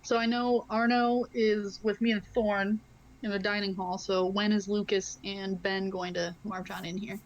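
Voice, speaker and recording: A woman's voice: medium pitch, little pitch movement, moderate pace, highs cut off. A woman playing a tabletop game, chatting casually and laughing often. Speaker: player. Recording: faint background noise.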